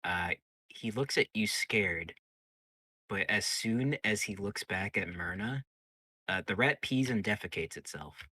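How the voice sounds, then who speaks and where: A man narrates a tabletop game as game master, stopping often on fillers. His voice is fairly low but lively and bright. The sound is close and dry. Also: slightly rough, no room sound. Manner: halting, lots of fillers.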